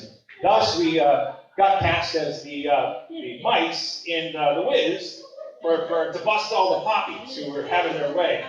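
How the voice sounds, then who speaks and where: A man from Maui tells a story at a gathering and acts out each voice he quotes. His voice sits a bit high. He is heard from across a large echoey room on a dull, distant mic. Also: moderate pace, a crowd in the background. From Maui, Hawaii. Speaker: speaker sharing a memory at a gathering. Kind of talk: casual storytelling.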